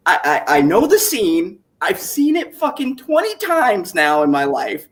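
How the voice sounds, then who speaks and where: Profane, animated man in his thirties. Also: fairly high pitch, normal speed, hardly any pauses. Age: 30s. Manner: animated, profane, laughs a lot. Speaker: stream host. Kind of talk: casual chat.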